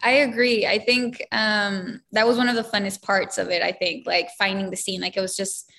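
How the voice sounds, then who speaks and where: An actress chats casually in an interview, giggly and loose, dropping "like" constantly. Her mid-range voice is bright and forceful yet level in tone, with vocal fry and a moderate pace.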